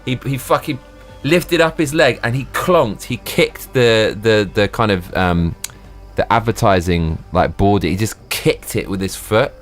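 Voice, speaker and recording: A man live streaming, ranting and swearing in excited bursts. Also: on the low side, unhurried, faint music behind. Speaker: livestreamer.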